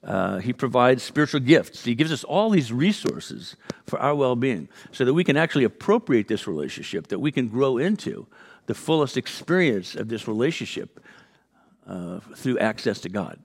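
A man's voice: medium pitch, moderate pace, vocal fry, husky. A man from California preaching a sermon as a pastor, telling a story with lots of fillers and restarts and acting out the people in it. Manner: animated storyteller, acts out quotes, many fillers and restarts.

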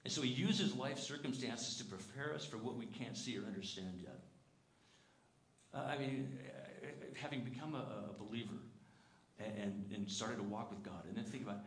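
In a church sanctuary, a male pastor preaches earnestly and conversationally, putting questions to the congregation and sometimes tripping over repeated words. His voice is fairly low and fairly quick. The sound is echoey, with slight background noise.

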